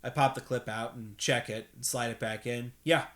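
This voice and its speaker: A man reading a novel aloud at bedtime in a steady first-person narration, with an occasional slip. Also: medium pitch, moderate pace. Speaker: reader, host.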